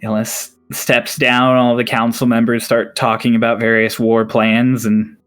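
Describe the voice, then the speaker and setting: A man's voice: mid-range voice, level tone, a bit bright, soft background music. Man running a tabletop game. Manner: playful, quick voices for many characters. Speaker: dungeon master.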